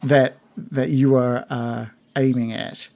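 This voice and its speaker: A man's voice: mid-range voice, little pitch movement, slow, darkish tone. Rambling game-master man. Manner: rambling descriptive narration with fillers. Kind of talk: narrating a tabletop game.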